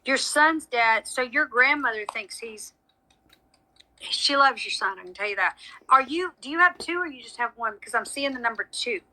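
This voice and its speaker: A woman's voice: a little high, expressive, moderate pace, sharp tone, low-quality recording. A woman giving a live psychic reading, chatty and frank with frequent apologies. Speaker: psychic medium. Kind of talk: live social media reading.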